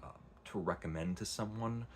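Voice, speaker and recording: A man's voice: fairly low pitch, moderate pace, slight background noise. A man casually retelling and reviewing a long novel, rambling with frequent restarts. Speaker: book reviewer. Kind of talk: casual book review vlog.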